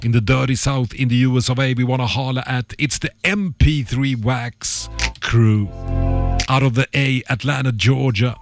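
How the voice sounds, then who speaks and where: Gravelly hype radio DJ man. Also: mid-range voice, steady tone, moderate pace. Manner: hype DJ patter with stutters and repeats. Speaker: radio DJ host. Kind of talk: radio show shout-outs. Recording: music playing underneath.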